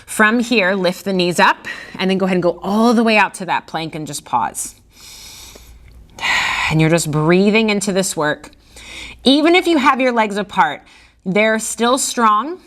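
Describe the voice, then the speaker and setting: A woman's voice: mid-range voice, a little slow, fairly bright tone. Pilates instructor, woman, mid voice, encouraging breath cues, a little winded. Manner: encouraging cueing with breathing counts. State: out of breath at times. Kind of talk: guided workout instruction.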